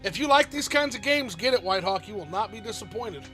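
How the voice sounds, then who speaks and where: Chatty, enthusiastic male host reading game news, bright voice. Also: sits high, lively intonation, quick pace, soft background music. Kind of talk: casual gaming chat and reading in-game news.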